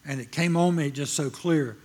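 Husky older male preacher. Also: fairly high pitch, normal speed. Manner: emphatic, swings from loud proclaiming to quiet storytelling. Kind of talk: sermon with personal story.

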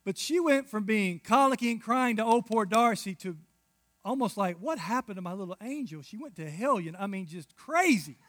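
A man in his thirties preaching a sermon, telling stories with big swings from hushed asides to loud outbursts. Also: high voice, lively intonation, moderate pace, no room sound. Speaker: pastor.

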